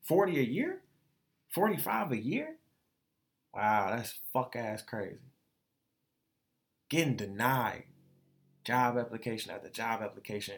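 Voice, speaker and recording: Gravelly-voiced man venting on his podcast. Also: mid-range voice, big pitch swings, unhurried, pauses often. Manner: profane, emotional, repeats phrases. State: tearful. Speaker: podcast host. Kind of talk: candid solo monologue.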